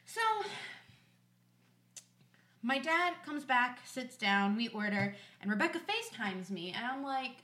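A young woman co-hosting a podcast, telling a story in casual chat, animated and acting out quoted dialogue with frequent laughter. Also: a little high, unhurried, long pauses. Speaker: podcast co-host. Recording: echoey room.

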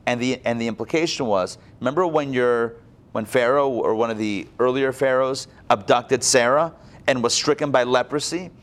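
A man's voice: mid-range voice, moderate pace. A man teaching a casual Bible class, talking conversationally with many restarts.

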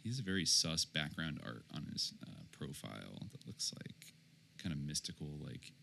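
A man co-hosting a podcast in casual chat, halting with many fillers and restarts. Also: very deep voice, sing-song, gravelly, sharp tone, slight background noise. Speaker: podcast co-host.

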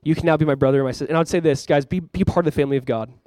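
A man's voice: a little high, racing, dark tone, no room sound, clean studio sound. A young man preaching a sermon to his church as pastor, earnest and conversational, with many fillers.

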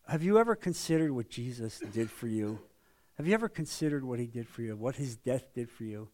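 A man leading a men's Bible study, teaching in a conversational way and often asking the group rhetorical questions. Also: on the high side.

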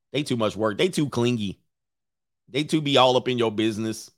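A man's voice: mid-range voice, brisk, long pauses, a bit bright, dry recording, clean studio sound. A man hosting, on a loose, profane comic rant, breaking into put-on voices.

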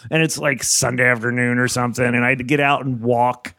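A man spinning a comic anecdote with lively energy and frequent laughter. His voice sits mid-range and sounds dry and close. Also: medium pitch, fast talker, no room sound. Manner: animated, laughing storyteller. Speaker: comedian guest. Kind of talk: casual chat, storytelling.

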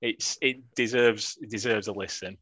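A man's voice: lowish voice, steady tone, moderate pace, bright, forceful tone, dry recording. A man co-hosting a podcast, chatting and joking with many restarts. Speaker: podcast co-host. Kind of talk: casual chat.

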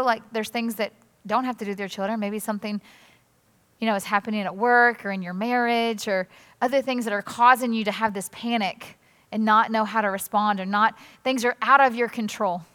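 A woman pastor giving a conversational sermon in an animated, chatty way, acting out quotes. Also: fairly high pitch, a little fast, clear, resonant tone. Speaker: executive pastor. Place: church auditorium. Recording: reverberant church hall.

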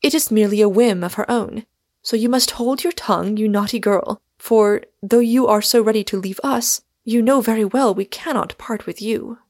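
Lady doing a soft-spoken mom, slow and patient, storybook reading. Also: on the high side. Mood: gentle. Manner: slow, soothing and reasoning. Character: gentle, sensible middle-aged mother.

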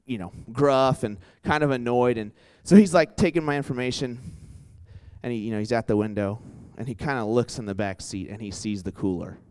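A young man preaching in a casual storytelling style, chatty and animated, full of asides and questions put to a live audience. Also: medium pitch, a little fast, clear, resonant tone. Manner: chatty and animated, full of "like" and "right?", quizzes the crowd. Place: church hall with a live audience.

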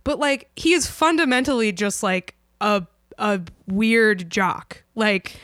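A woman's voice: medium pitch, slow, a bit bright, no echo, studio quality. A woman co-hosting a podcast, chatting casually with many "like" fillers and frequent laughs. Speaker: podcast co-host. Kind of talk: casual chat.

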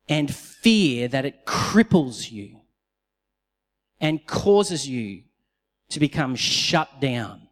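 A pastor preaching a sermon, telling the story in an animated way and acting out the quotes. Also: male voice, a little high. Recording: long reverb of a large hall.

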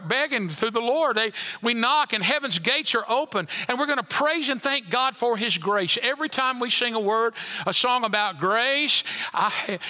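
A male preacher with a high, very bright, piercing voice delivers a sermon in a church. He swings from loud, emphatic passages down to soft, near-whispered line endings. The sound carries a long reverb from the sanctuary. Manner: dynamic preaching, rising loud then dropping to near whisper.

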